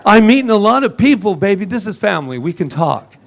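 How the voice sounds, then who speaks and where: A man preaching a lively sermon in a church service, joking and laughing often with the congregation. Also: high-pitched, fast, vocal fry. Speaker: minister.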